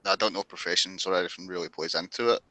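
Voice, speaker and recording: A man's voice: deep voice, steady tone, fast talker, sharp tone, dry recording, poor audio. A man playing a tabletop game, talking casually and a bit unsure of himself. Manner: unsure, hesitant, laughs it off. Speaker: player.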